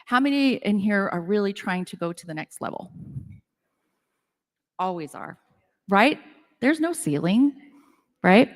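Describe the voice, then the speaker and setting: With a mid-range voice and lively intonation, a middle-aged woman speaks a little slowly, pausing often. She's at a women's business event, telling chatty, self-deprecating stories thick with "like" to an audience in a conference room, and the sound carries a hall's long reverb.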